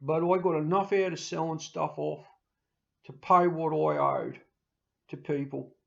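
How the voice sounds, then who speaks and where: Aussie bloke talking to camera, high gravelly voice, a bit emotional, muffled lo-fi sound. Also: male voice, a little slow. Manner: rambling and emotional, mimics people in loud animated bursts, laughs often. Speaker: YouTuber signing off. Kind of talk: casual personal talk to camera. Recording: dull lo-fi home recording.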